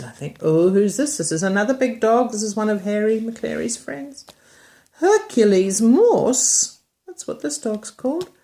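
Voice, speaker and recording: A woman reads a picture book aloud to a small child, unhurried and drawn out. Her voice rises in bright exclamations and drops into soft murmured asides. She keeps stopping to point at the pictures and ask the child questions. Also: medium pitch. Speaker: reader to a child.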